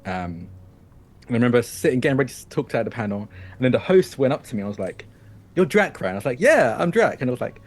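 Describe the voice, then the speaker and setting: A man at the gaming table tells a long story, rambling and restarting as he goes. His voice sits at an ordinary middle pitch. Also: expressive, rapid-fire, darkish tone. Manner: rambling, many fillers and restarts. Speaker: player. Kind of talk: casual storytelling.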